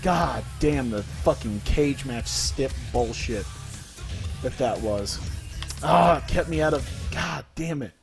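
A man's voice: medium pitch, animated, slow pace, creaky, faint music behind. A man streaming a wrestling video game, giving live commentary full of swearing and exasperated rants at the game. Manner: profane, exasperated ranting at the game.

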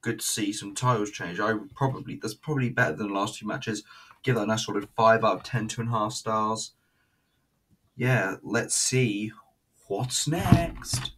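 A man's voice: fairly low pitch, steady tone, moderate pace, a bit bright, slight background noise, low-quality recording. A man giving a casual, rambling, sweary running review while he watches a video.

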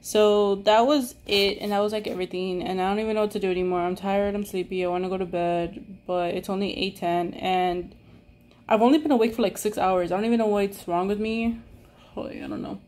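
A woman's voice: mid-range voice, steady tone, a little fast, a little mellow. A young adult woman vlogging in a casual, rambling way, exasperated and full of "like". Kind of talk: casual vlog chat.

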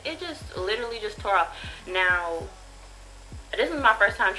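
A woman's voice: medium pitch, expressive, unhurried, low-quality recording. A young woman, chatting casually and bluntly, with plenty of profanity, while she reviews a haul of cheap jewelry. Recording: music playing behind the voice.

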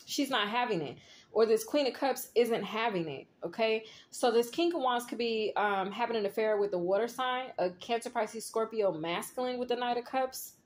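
A woman's voice: on the high side, moderate pace. A woman in a casual tarot reading vlog, telling a dream and rambling, often checking in with "okay?" and "right?". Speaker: tarot reader.

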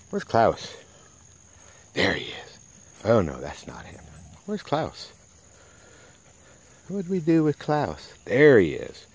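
A man, a dog breeder chatting playfully and doting on his puppies outdoors. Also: mid-range voice. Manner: doting, playful baby talk to dogs. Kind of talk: casual outdoor vlog talking to puppies. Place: outdoors in a rural yard.

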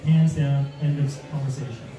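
A man giving an animated real estate seminar with slides, asking the audience rhetorical questions and acting out mock panic. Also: medium pitch, normal speed, soft background music. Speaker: real estate investing speaker. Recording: echoey room, distant mic, audience.

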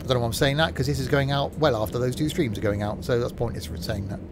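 Talking quickly in a medium pitch, a man streams a game and narrates his own driving with casual chatter and jokes. Vehicle noise from the game can be heard underneath.

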